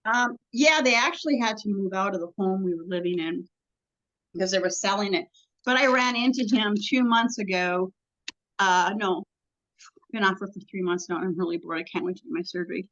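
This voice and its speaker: Woman interview guest, mid-pitched, halting and rambling storyteller, dull lo-fi audio. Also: a bit bright. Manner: rambling, halting storytelling with many ums and restarts.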